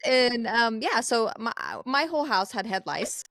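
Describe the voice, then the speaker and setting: A woman's voice: a little high, lively intonation, unhurried, a bit bright, dry recording, studio quality. A woman co-hosting a podcast, opening her story in casual chat with hesitant fillers. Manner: hesitant, filler-heavy delivery. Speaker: podcast co-host.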